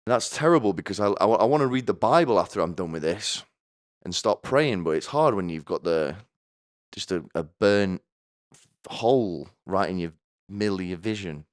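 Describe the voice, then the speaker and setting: Deep-voiced man rambling comic stories. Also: lively intonation, normal speed, no room sound, studio quality. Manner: stammering restarts, crude offhand jokes. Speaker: podcast host.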